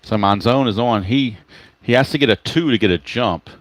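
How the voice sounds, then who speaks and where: A man with a mid-range voice hosts a tabletop baseball game at a moderate pace, calling plays as he rolls dice and reads player cards. He pauses now and then to greet live chat viewers mid-game and fix his own slips. The recording has no echo.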